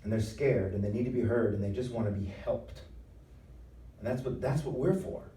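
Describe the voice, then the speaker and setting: A former pastor giving a conversational, emphatic talk at a live event, acting out voices with humor. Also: male voice, medium pitch, brisk, dark tone. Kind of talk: preaching talk. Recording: roomy hall sound, mic at a distance.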